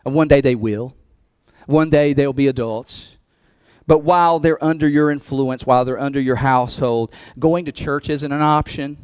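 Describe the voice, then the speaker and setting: A man's voice: mid-range voice, steady tone, normal speed, a little mellow, clean tone, no echo. A man preaching as pastor of his church, talking conversationally and laughing between points, building to emphatic peaks. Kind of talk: sermon.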